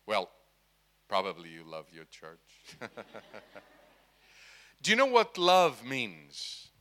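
Man, middle-aged, preacher, slow, forceful bright voice, questions the audience. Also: fairly low pitch, very animated. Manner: asks the audience questions, emphatic. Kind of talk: sermon.

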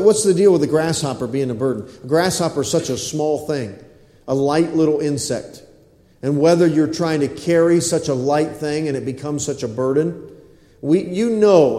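A man's voice: a little high, warm tone. A man preaching a sermon in a church, talking with his congregation in an easygoing, folksy way. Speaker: pastor. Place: church sanctuary. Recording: echoey hall.

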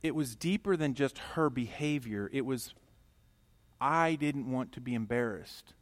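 Speaking a little slowly, this middle-aged man preaches with a mid-range voice. His sermon weaves in a personal story and moves from emphatic volume down to quiet intimacy.

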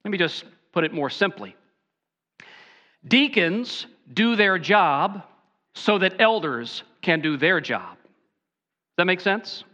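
A man preaching a sermon as pastor, slowing down to stress key phrases. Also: sits high, animated, pushed and bright, muffled recording.

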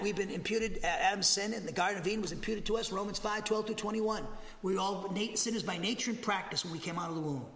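Southern man, bible teacher, high bright voice, emphatic, restarts phrases, echoey church hall. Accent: Southern American. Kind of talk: expository Bible lesson. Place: church sanctuary. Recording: echoey hall with long reverb.

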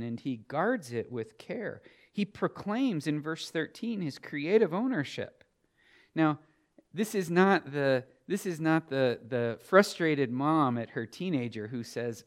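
A middle-aged pastor with a fairly high pitch and lively intonation preaches at a measured pace. He moves from quiet storytelling into loud, emphatic preaching.

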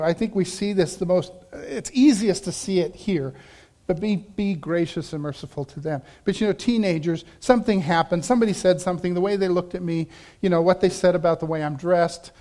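A man preaching a sermon, telling a story with animated shifts and acting out quoted voices, laughing now and then. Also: high-pitched. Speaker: pastor.

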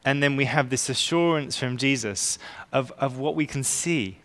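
A man preaching a sermon as pastor, earnest and emphatic, slowing down to stress key words. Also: mid-range voice, fairly bright tone. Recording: long reverb of a large hall.

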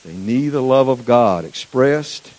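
Folksy preacher telling stories. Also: male voice, mid-range voice, unhurried. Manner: folksy, animated storyteller. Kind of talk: sermon with personal storytelling.

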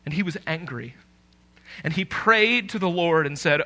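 Man, pastor, sermon, high voice, bright tone, animated, emphatic. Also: moderate pace. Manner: animated, conversational preaching with emphatic rises.

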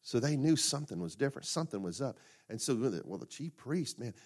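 Male pastor, mid-pitched, lively and emphatic, plainspoken sermon delivery. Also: a little fast, few pauses. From United States. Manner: animated, with sudden loud bursts and asides; conversational and plainspoken, with fillers and restarts.

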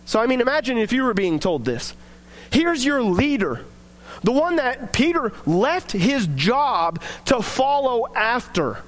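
A young man with a strikingly high voice gives a casual devotional talk. He rambles in a chatty, filler-heavy way as he tells a story and draws a lesson from it. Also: big pitch swings, unhurried, a bit bright. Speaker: devotional speaker.

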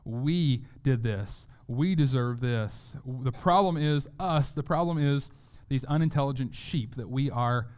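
Male pastor, sermon delivery, smooth resonant voice, earnest, repeats words for emphasis. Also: mid-range voice, unhurried, few pauses, darkish tone. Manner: earnest, repeats words when stressing a point.

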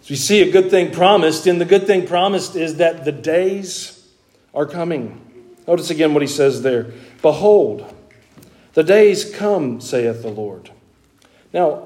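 A Southern US pastor with a somewhat high-pitched voice preaches a sermon to his church. He reads scripture in a slow, measured cadence, then shifts to plainspoken teaching with folksy humor. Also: expressive, darkish tone. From American South. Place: church before a congregation.

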